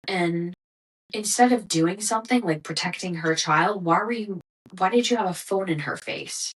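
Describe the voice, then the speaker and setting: A woman's voice: medium pitch, unhurried, rough recording. A young woman hosting a podcast, ranting in a casual, exasperated monologue full of swearing. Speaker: podcast host.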